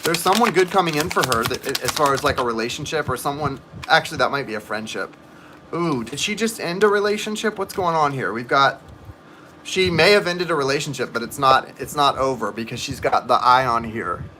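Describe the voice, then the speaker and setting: A man's voice: medium pitch, lively intonation, fairly quick, sharp tone, slight background noise. A man giving tarot readings on a live stream, chatting and rambling to viewers in the chat. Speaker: tarot reader.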